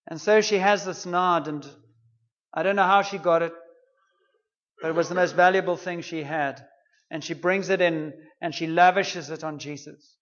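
A man's voice: high-pitched, fairly even intonation, moderate pace, pauses often, fairly bright tone, dull audio. A man preaching a sermon, retelling a story in an earnest, conversational way.

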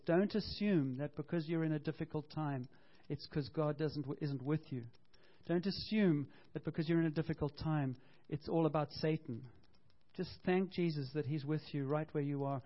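A man preaching a sermon as pastor, animated and storytelling, acting out quotes and correcting himself as he goes. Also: a little high. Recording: dull lo-fi sound.

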